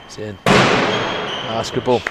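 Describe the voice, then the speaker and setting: A man's voice: on the low side, fairly even intonation, a little slow. Chatty male tennis commentator, noisy venue. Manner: chatty, joking, reacting to play. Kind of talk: live sports commentary. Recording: loud background noise at a live venue.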